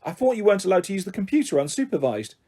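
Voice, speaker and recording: Wry sensible boy, read by a man, husky and understated. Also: high-pitched, very animated, rapid-fire, mellow, pitched above the performer's own voice, heavily acted. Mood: dry. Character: wry level-headed young boy.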